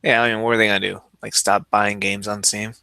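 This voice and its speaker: A man co-hosting a casual podcast, throwing in quick opinionated quips and laughing often. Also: fairly low pitch, flat delivery, gravelly, sharp tone, clean tone, no room sound. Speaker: podcast co-host. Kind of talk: casual chat.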